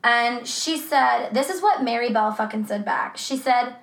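A woman's voice: fairly high pitch, measured pace, a bit bright, reverberant. A woman co-hosting a true crime podcast in a casual, swearing, laughing chat. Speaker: podcast co-host.

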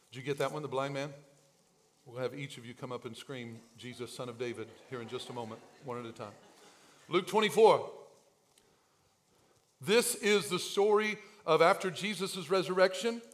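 A man pastor preaching a sermon in a church, swinging from quiet asides to shouted lines. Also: medium pitch.

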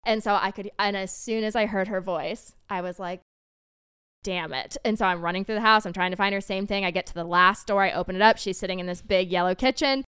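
A young woman talks in a relaxed, casual way, piling on little fillers as she tells a story. Her voice is strikingly smooth and clean. The sound is dry and close to the mic. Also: medium pitch, quick pace, few pauses, no room sound. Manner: chatty, lots of fillers, laughs easily. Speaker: podcast guest.

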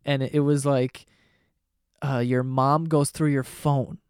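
A man's voice: mid-range voice, little pitch movement, slow pace, darkish tone, clear, resonant tone, no echo. Profane rambling young man, dry sound. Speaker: podcast host. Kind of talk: casual storytelling monologue.

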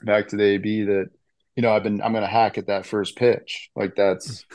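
A man in his thirties, a ballplayer guest in a casual interview, talking excitedly and rambling with many fillers and restarts. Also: fairly low pitch, moderate pace, no room sound. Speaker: baseball player guest.

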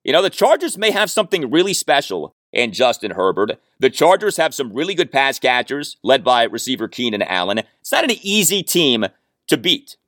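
A man's voice: medium pitch, sing-song, moderate pace, a bit bright, dry recording, studio quality. A man hosting a solo sports podcast, giving opinionated, stat-heavy commentary with emphatic punches. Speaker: podcast host.

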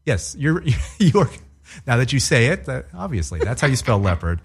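A man's voice: mid-range voice, sing-song, normal speed, husky. A man in his forties co-hosting a casual podcast, dry and teasing, quizzing his co-host and tripping over words. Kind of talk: casual chat.

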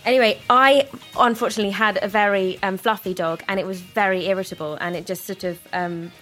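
A young actress chatting on a radio show, self-deprecating and quick to laugh. Her voice sits at an everyday middle pitch, and soft music plays faintly behind her. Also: steady tone. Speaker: actress guest. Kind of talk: radio interview anecdote.

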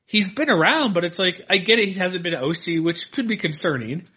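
A man co-hosting a podcast, talking sports in a rambling, animated way and laughing often. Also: high voice, brisk, slightly rough. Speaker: podcast co-host. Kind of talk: casual sports chat. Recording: dull lo-fi audio.

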